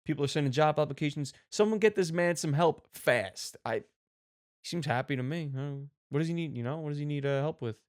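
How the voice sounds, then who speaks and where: A man's voice: a little high, fairly quick. Sarcastic man ranting over clips. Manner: animated, mock-serious, swears casually. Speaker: host. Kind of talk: sarcastic reaction commentary.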